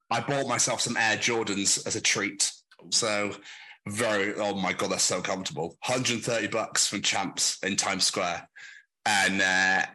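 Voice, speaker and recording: A man's voice: lowish voice, pushed and bright, poor audio. A young British man co-hosting a podcast, chatting loosely, laughing often and swearing freely. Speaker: podcast co-host. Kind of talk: casual chat.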